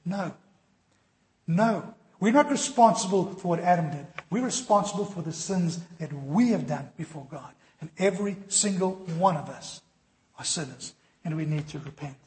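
A man's voice: a little high, animated, normal speed, a little mellow, reverberant. A man preaching a sermon as pastor, earnest and direct, acting out the voices of people he quotes.

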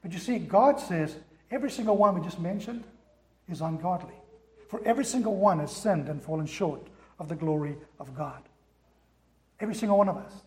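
A man's voice: sits high, expressive, a little fast, echoey room. A man preaching a sermon as pastor, driving points home with rhetorical questions and repetition. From America.

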